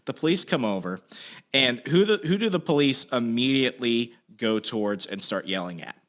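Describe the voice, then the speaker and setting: A young man telling a story in casual chat, animated and swearing, acting out shouted quotes. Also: mid-range voice, normal speed. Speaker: podcast co-host telling a story.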